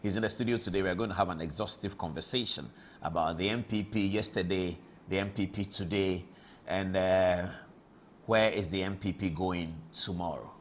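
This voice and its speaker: A man's voice: moderate pace, slight background noise. A man with a Ghanaian accent hosting an evening TV talk show, telling stories with big swings in his voice. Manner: animated storyteller with big pitch swings. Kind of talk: chatty studio monologue. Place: TV studio.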